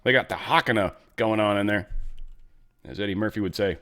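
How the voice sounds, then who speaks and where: A man's voice: fairly low pitch, a little fast, a bit bright, clean tone. A man hosting a casual political commentary show, talking in a loose, sarcastic, rambling way. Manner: loose, sarcastic, rambling, drops into mock voices.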